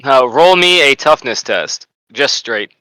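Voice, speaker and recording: A man's voice: mid-range voice, animated, a little slow, pushed and bright, clear, resonant tone, no room sound, low-quality recording. A man running a tabletop role-playing game as game master, narrating scenes and calling for rolls. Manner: narrates scenes and voices characters.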